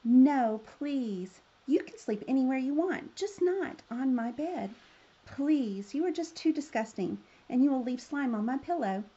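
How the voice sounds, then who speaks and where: A woman reading aloud voices a spoiled young princess who begs in a high voice. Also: expressive, measured pace, mellow, husky, full character voice. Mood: pleading. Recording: slightly dull lo-fi sound.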